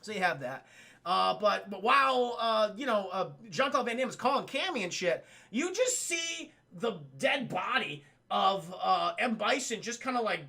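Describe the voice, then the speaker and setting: A man recapping a film on a live stream, excitable and profane, often laughing. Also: sits high, moderate pace, vocal fry.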